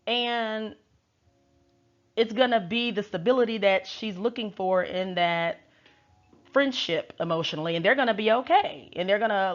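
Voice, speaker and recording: A woman tarot reader recapping in a chatty, slangy and wry casual way. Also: medium pitch. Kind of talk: casual chat. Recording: dull lo-fi recording.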